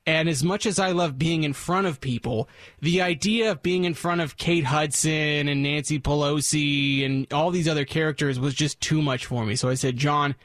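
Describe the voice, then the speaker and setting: A man in casual radio banter, spinning a rambling, self-deprecating story to his co-host. His voice sits a little high for a man. It is recorded dry and close on a studio mic, with no room sound. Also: a bit bright, no echo.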